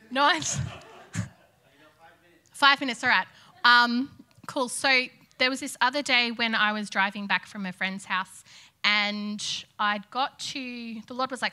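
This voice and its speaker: Woman, church testimony speaker, bright tone, excitable and conversational. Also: mid-range voice. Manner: enthusiastic, chatty, laughs between lines. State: pregnant. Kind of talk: testimony sermon. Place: church hall.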